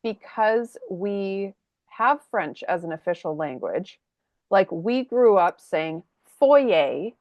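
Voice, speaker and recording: A woman from Canada co-hosting a casual podcast chat, animated, laughing often and acting out what people said. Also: medium pitch, slow pace, dry recording, muffled recording. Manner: animated, laughs often, acts out quoted voices. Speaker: podcast co-host.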